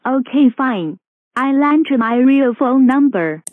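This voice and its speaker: A woman's voice: high voice, expressive, slow pace, no room sound. A synthetic female text-to-speech voice playing a defiant, exasperated computer user in a cartoon. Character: annoyed computer user fighting a forced install. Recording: dry tinny phone-like audio.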